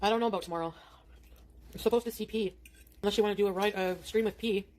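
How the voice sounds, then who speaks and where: A woman's voice: medium pitch, quick pace, darkish tone. Rambling middle-aged woman streamer. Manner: rambling, chatty. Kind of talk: chatting on stream while eating.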